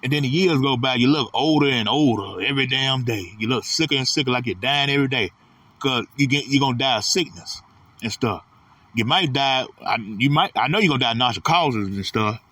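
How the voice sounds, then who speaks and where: A man's voice: mid-range voice, fairly quick, sharp tone, slightly rough, dry recording, recorded from a distance. A man delivering a blunt, profane, repetitive casual ranting monologue as host of his own channel.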